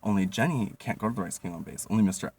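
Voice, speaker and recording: A young man spins a profane, animated storytime monologue, laughing often and leaning on filler words. His voice is low and gravelly with a husky edge. He sounds a little distant from the mic. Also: very fast. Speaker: vlogger.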